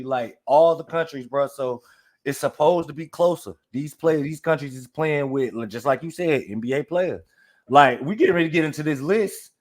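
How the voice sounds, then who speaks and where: Male podcast host, mid-pitched, easygoing and rambling, addresses listeners directly. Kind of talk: casual podcast chat.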